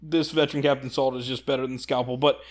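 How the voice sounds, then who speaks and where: A man's voice: medium pitch, level tone, fast. A man co-hosting a podcast, casually and enthusiastically breaking down tabletop game rules, laughing often. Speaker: podcast co-host.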